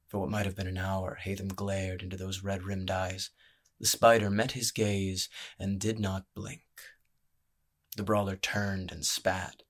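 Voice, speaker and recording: A male narrator reads a gritty fantasy tale in a measured, even way. His voice sits on the low side, and he keeps a steady storytelling pace. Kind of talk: scripted audiobook narration.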